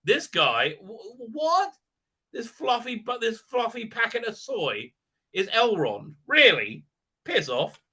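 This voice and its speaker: A man's voice: sits high, big pitch swings, unhurried, pushed and bright, husky. A man hosting a live stream, giving a sarcastic, rambling recap with many "uh, uh" hesitations and sneering asides.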